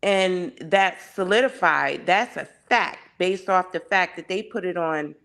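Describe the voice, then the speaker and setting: A woman's voice: lowish voice, a little slow, creaky, fairly bright tone. A woman as a guest in a casual discussion, speaking with passion and piling up rhetorical questions. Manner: impassioned, heavy on rhetorical questions.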